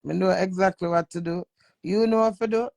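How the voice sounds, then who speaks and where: Jamaican woman, gravelly voice, brash and swearing, casual live-stream rant. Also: on the low side, fairly even intonation, a little fast, a little mellow, no echo. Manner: brash, swearing, talks back to viewers.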